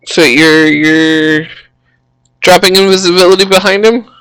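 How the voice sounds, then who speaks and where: A woman running a tabletop game as game master, narrating slowly with many pauses and fillers. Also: fairly low pitch, steady tone, fairly bright tone, clean tone, dry recording. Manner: slow, halting, many fillers.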